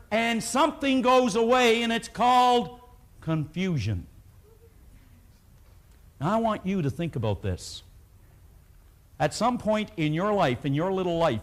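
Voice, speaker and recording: High-pitched guy running a motivational seminar, storytelling, gets the crowd to repeat after him. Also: a bit bright. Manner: storytelling, leads the audience in call-and-response. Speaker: seminar speaker. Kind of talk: live motivational seminar talk.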